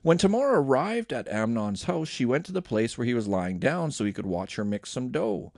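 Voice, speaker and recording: A man reads scripture aloud as a daily reading host, his voice rising and falling with lively movement. The recording is dry and close, with no room sound around him. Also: mid-range voice, normal speed, creaky, dry recording.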